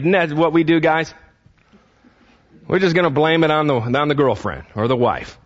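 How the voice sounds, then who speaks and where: A man's voice: mid-range voice, a little fast, dull audio. A man preaching a conversational sermon in church. He often stumbles over repeated words and throws questions to the congregation. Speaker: pastor.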